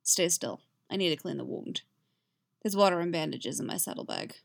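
A woman voicing a gruff, stoic male monster hunter who speaks curtly, in a fan fiction reading. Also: fairly low pitch, moderate pace. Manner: gruff, curt. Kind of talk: fan fiction read aloud.

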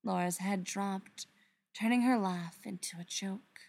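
A woman narrating a story aloud in an expressive storytelling manner. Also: medium pitch, measured pace, vocal fry. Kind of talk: reading fan fiction aloud.

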